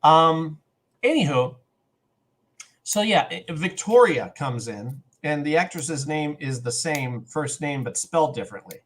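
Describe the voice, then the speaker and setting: A man co-hosting a podcast in casual chat, animated and acting out scenes in quoted voices. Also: a little high, a little slow. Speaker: podcast co-host.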